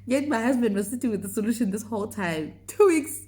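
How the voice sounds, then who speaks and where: A young woman telling a personal faith testimony in a casual, animated way, often laughing. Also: on the high side, quick pace. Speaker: vlogger sharing a testimony.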